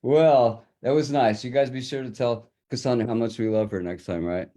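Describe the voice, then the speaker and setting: A man's voice: medium pitch, moderate pace, mellow. A man hosting a livestream reading who talks in a jovial, chatty way. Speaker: host.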